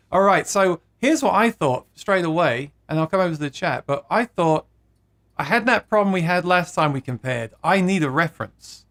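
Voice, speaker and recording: A man's voice: on the high side, a bit bright. A man hosting a live guitar stream, chatting casually, reading viewer comments aloud and laughing at his own jokes.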